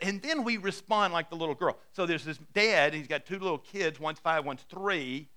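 A man's voice: fairly high pitch, normal speed, hardly any pauses, bright, forceful tone, clear, resonant tone. A man preaching a sermon in a conversational storytelling way, acting out quotes and asking his listeners questions. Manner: asks the congregation questions. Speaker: pastor.

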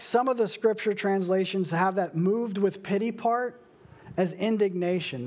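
A young adult man preaching a sermon, slow and emphatic, with dramatic pauses. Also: high voice. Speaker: pastor.

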